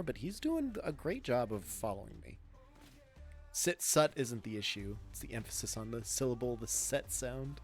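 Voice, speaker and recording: Streaming a game, this Midwestern-accented man jokes and chuckles while responding to his chat in a casual way. He talks slowly at medium pitch with big swings in intonation and long pauses, over soft background music.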